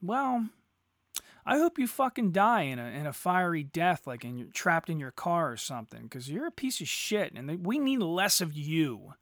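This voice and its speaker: Foul-mouthed ranting man, high and animated. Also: normal speed, no room sound, studio quality. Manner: crude, sarcastic, swearing freely. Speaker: podcast host. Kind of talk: profane solo rant.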